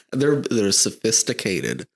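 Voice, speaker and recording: A young man co-hosting a podcast in casual chat, halting often with restarts and fillers. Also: on the low side, big pitch swings, vocal fry. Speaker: podcast co-host.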